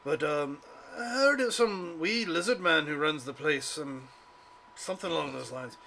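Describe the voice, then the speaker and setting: A man's voice: fairly high pitch, moderate pace, gravelly, sharp tone, a little hiss or hum. A man doing a jolly dwarf. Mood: curious. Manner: hearty brogue with "lass" and "lad". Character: jolly male dwarf fond of ale.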